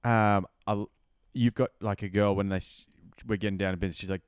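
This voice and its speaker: A man's voice: fairly low pitch, steady tone, brisk, smooth, dry recording, studio quality. A man, a comedian guest, chatting casually and teasing his friend with a laugh. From Australia. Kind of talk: casual chat.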